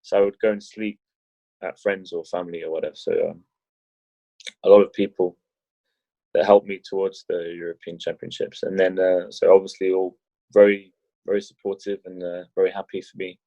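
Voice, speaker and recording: Man, low voice, casual interview guest, rambling, jokey, dry dull lo-fi audio. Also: little pitch movement, fairly quick, mellow, no echo. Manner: rambling, many restarts and fillers, jokey. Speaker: podcast guest, wheelchair rugby league player.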